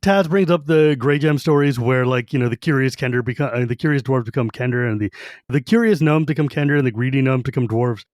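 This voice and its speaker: A man co-hosting a podcast, talking casually about a fantasy novel and acting out its quotes with animated energy. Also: medium pitch, fast, dry recording, studio quality. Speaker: podcast co-host. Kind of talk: casual book discussion.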